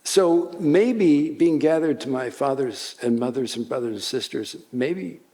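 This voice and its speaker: An older man telling a warm story at a conference seminar, chuckling as he goes. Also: medium pitch, lively intonation, unhurried. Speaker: speaker. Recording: long hall reverb.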